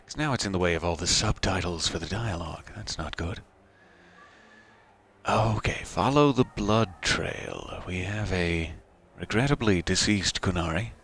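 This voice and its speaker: A man hosts a let's play, chatting casually over the game with a joking, self-deprecating manner. His voice sits a little on the low side. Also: animated, unhurried, fairly bright tone, breathy edge. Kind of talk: casual gameplay commentary.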